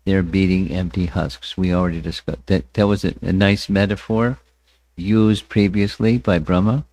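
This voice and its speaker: Male teacher, scripture class, unhurried and low, dry close sound, repeats words, chants verses. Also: a little mellow, dry recording. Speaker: spiritual teacher. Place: temple hall.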